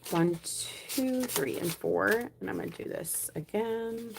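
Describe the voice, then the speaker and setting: A young woman vlogging a savings challenge, chatting casually and counting money aloud, often dropping to a soft murmur. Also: mid-range voice, a little slow, gravelly, background noise. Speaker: budgeting vlogger.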